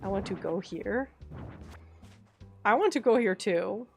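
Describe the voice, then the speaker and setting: A woman's voice: mid-range voice, lively intonation, measured pace, gravelly, soft background music. A woman streaming a game, chatting casually and gushing over her decorating, squealing when something looks cute.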